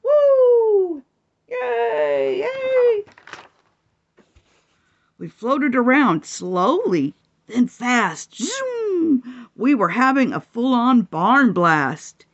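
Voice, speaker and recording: A woman reading a children's picture book aloud, expressive and full of delighted gasps. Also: on the high side, takes it slowly, lo-fi sound. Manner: expressive, gasping and whooping with delight. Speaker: storyteller.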